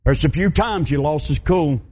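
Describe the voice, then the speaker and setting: A middle-aged pastor with a drawl tells a story from the pulpit, folksy and emphatic, circling back on his own phrases. His voice sits a touch high for a man. The recording is dull and lo-fi, with a faint hiss underneath. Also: normal speed, a little mellow. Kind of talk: sermon storytelling.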